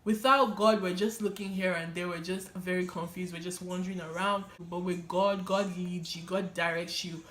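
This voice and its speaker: A young woman telling her personal testimony in an animated, casual way, often laughing and using fillers. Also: lowish voice, normal speed, few pauses. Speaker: vlogger sharing her testimony. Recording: echoey room.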